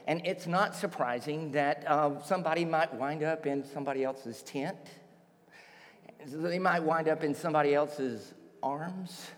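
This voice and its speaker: A pastor delivers a sermon with animated storytelling, slipping into quick acted-out voices for the people in his story. His voice sits a touch higher than most men's. The sound carries the long reverb of a large church hall.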